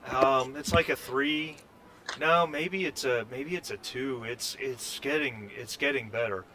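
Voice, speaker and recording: A man's voice: medium pitch, measured pace, pushed and bright, slight background noise. A man voicing a woozy injured male patient who slurs his words drowsily in a tabletop game. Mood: drowsy. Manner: slurring drowsily.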